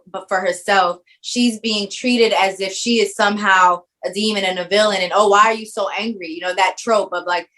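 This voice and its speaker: A woman's voice: medium pitch, sharp tone, rough recording. Thoughtful woman filmmaker in interview. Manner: thoughtful, searching for words, frequent restarts. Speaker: film writer-director, guest. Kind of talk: reflective interview answers.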